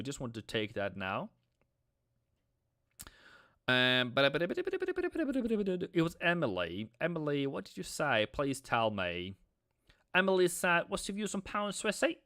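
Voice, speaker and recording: A man's voice: fairly high pitch, fairly bright tone, no room sound. Guy doing a live trading stream, talks loose and repeats stuff, clean dry mic. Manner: chatty, repeats himself, answers viewers. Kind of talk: live-stream market analysis.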